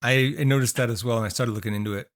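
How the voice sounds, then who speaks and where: A man's voice: mid-range voice, fairly even intonation, racing. A man co-hosting a podcast in casual chat, rambling with fillers while losing his voice. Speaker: podcast co-host.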